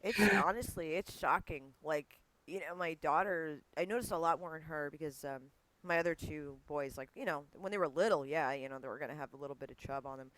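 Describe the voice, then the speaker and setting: A woman's voice: low-pitched, fairly quick, a bit bright, no room sound, poor audio. A woman hosting a podcast, chatting casually and telling family stories with acted-out dialogue. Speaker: podcast host. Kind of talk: casual conversation.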